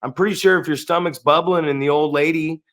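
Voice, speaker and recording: Male podcast co-host, slightly high voice, blunt and profane, casual chat. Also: steady tone, fairly quick, a bit bright. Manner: blunt and profane, acting out quoted people. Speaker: podcast co-host and wrestling trainer.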